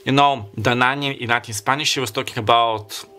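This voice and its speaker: A man's voice: mid-range voice, steady tone, fairly quick, bright, forceful tone. A man giving a casual tarot reading, rambling and free-associating as he lays out the cards. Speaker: tarot reader.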